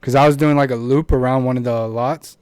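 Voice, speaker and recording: A young man co-hosting a podcast, telling stories in animated, blunt casual chat and swearing often. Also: mid-range voice, fairly quick, clear, resonant tone, dry recording. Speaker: podcast co-host.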